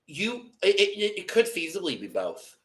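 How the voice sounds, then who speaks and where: A man's voice: sits high, wildly swooping pitch, moderate pace, a bit bright. A man co-hosting a casual podcast, musing about a reality show and often chiming in to agree. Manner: speculative, frequent agreeing back-channels. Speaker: podcast co-host. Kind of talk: casual reality TV recap chat.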